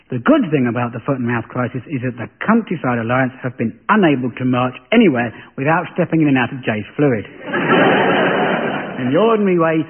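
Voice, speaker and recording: A man's voice: fairly high pitch, slightly rough. An English man hosting a comedy panel show, delivering a satirical monologue in a dry, sardonic way. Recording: lo-fi phone-like radio broadcast.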